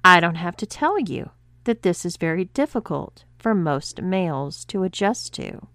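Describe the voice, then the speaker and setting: A woman's voice: lowish voice, very animated, unhurried, fairly bright tone, no room sound, full character voice. A woman voicing a stern, commanding female cruise director who speaks with cool, controlled authority.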